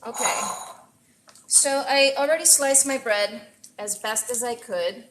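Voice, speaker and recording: A woman chef hosting a casual live cooking stream, chatty and excitable as she greets viewers from her kitchen. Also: a little high, a little slow, slight background noise, poor audio. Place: home kitchen. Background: faint frying and sizzling.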